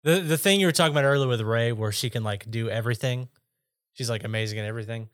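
Podcast co-host, man, fast-talking, agreeable, mid-pitched. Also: clean tone, no echo, clean studio sound. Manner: agreeable, easygoing. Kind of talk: casual chat.

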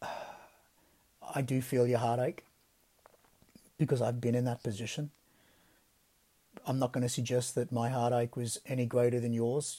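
A man hosting a devotional podcast, speaking in a gentle, reflective way that often drops to soft, quiet phrasing. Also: medium pitch. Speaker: podcast host.

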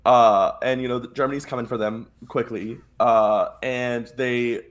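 A man's voice: medium pitch, measured pace. A man co-hosting a casual review podcast, rambling through episode plots and acting out the characters' lines with lots of "like". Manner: rambling, animated, acts out quotes with lots of "like". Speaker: podcast co-host. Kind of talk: casual chat.

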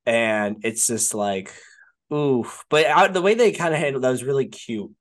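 A man's voice: mid-range voice, very animated, normal speed. A man co-hosting a podcast, talking casually about a film in a rambling way, filling his speech with "like" and "right?" and swearing now and then. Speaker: podcast co-host.

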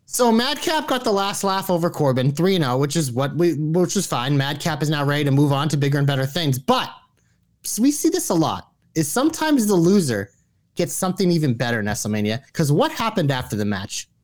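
A man's voice: fairly high pitch, big pitch swings, a little fast. A man co-hosting a casual wrestling podcast, teasing his partner with dry put-downs. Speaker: podcast co-host.

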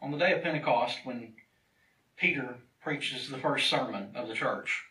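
A man's voice: medium pitch, normal speed, sharp tone, reverberant, far from the mic, rough recording. A man preaching a sermon from a church pulpit, earnest and driving his points home by repeating key phrases. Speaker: pastor.

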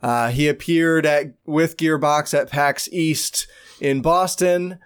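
A man's voice: fairly high pitch, steady tone, slow pace, clean tone. A man hosting a casual gaming podcast, reading out news in an easygoing way. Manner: easygoing, reads news out loud.

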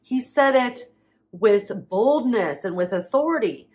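A woman preaching, reading Bible verses aloud with slow emphasis and dramatic pauses. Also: medium pitch, expressive, a little mellow.

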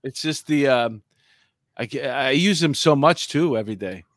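A man's voice: medium pitch, lively intonation, normal speed, no echo. A man in his fifties hosts a casual chat and spins stories in a talkative way. His voice is dry and close. He restarts his phrases often. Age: 50s. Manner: storytelling, chatty with many restarts.

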